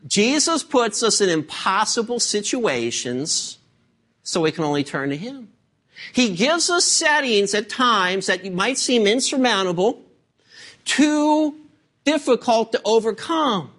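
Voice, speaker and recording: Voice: mid-range voice, big pitch swings, slow, a bit bright. A preacher delivering a sermon with emphatic delivery and frequent rhetorical questions to the congregation.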